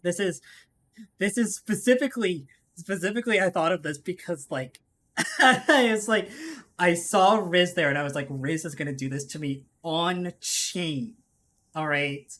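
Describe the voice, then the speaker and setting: A woman's voice: fairly low pitch, expressive, measured pace, fairly bright tone. A woman streaming a video game live, chatting casually to her viewers in a rambling way, often repeating herself and breaking into laughs. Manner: rambling, laughing, self-interrupting. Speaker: VTuber streamer.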